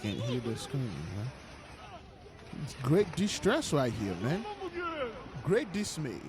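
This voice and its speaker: A man's voice: mid-range voice, big pitch swings, takes it slowly, a loud crowd. A man commenting over video clips as an online preacher, repeating his points emphatically and addressing listeners as beloved.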